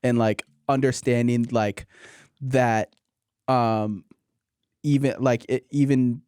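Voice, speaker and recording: Halting young man podcast co-host. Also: medium pitch, steady tone, warm tone, clear, resonant tone, no room sound, studio quality. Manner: halting, hesitant, full of fillers and restarts. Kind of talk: casual podcast chat. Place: podcast studio room.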